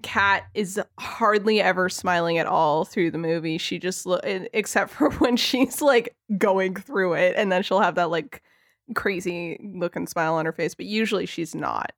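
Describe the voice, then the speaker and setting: A woman's voice: on the low side, moderate pace, fairly bright tone, no room sound, clean studio sound. A woman co-hosting a podcast, talking films through casually and picking her words as she goes. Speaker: podcast co-host. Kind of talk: casual film discussion.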